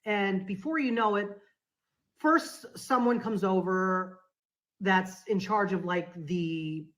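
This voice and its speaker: A woman guest tells a story on a podcast in a casual, conversational way. Her voice sits at a middle pitch. She gets animated and acts out the dialogue of the people in the story. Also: slow pace, low-quality recording.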